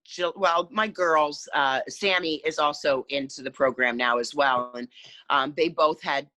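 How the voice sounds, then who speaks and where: A woman in her fifties, a guest in a casual interview, talking in a halting way with many restarts. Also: deep voice, pushed and bright, dry recording. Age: 50s.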